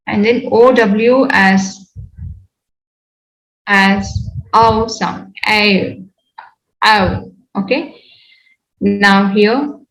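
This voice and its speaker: A woman with an Indian English accent teaching a phonetics class, drilling words slowly and repeating each one for her students. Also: mid-range voice, steady tone, roomy sound, rough recording. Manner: slow, deliberate, repeats words for pronunciation drills. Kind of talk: online phonetics lecture.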